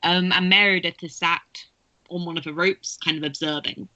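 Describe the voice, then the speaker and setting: A woman narrating as game master of a tabletop game, chatty and quick to giggle. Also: lowish voice, fairly even intonation, bright, forceful tone, dry recording, dull audio.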